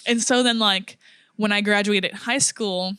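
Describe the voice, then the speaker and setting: A young woman co-hosting a podcast speaks in a mid-range, clear, resonant voice at an unhurried pace, recorded dry with studio quality. In casual chat she animatedly tells a story, acting out what people said and laughing often.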